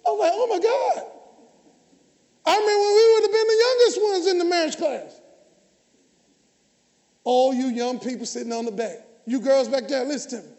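A man, preaching a lively sermon and calling out to the congregation, often shouting. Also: extremely high pitch, fairly quick. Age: 50s. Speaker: pastor. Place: large church hall. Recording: church hall with long reverb.

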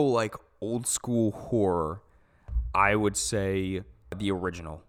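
A man with a fairly low voice talks movies in a loose, casual chat. He gets excited and swears freely, and scatters "like" through his sentences. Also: slow. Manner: enthusiastic, swears casually, many "like" fillers. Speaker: podcast co-host.

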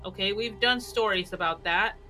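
Woman, podcast co-host, casual chat, reads aloud, bright voice. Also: medium pitch, moderate pace, a little hiss or hum, low-quality recording. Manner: reads stories aloud, brief reactions.

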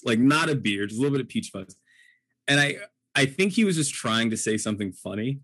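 A man's voice: medium pitch, no echo. Laughing young man telling stories, dry sound. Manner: animated, laughing storyteller. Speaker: podcast co-host. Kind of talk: casual storytelling chat.

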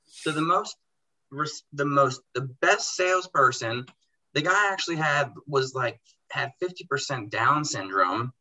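A young man who runs a car detailing business, telling animated stories in casual chat and acting out dialogue in quotes. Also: mid-range voice, a little slow, poor audio. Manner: animated, acts out dialogue in quotes, says bro and dude. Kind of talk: casual storytelling in a podcast chat.

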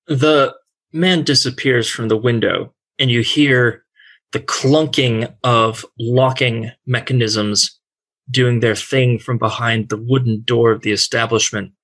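A man running a tabletop game as game master, narrating the scene in a deliberate, descriptive way. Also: mid-range voice, fairly even intonation, fairly bright tone.

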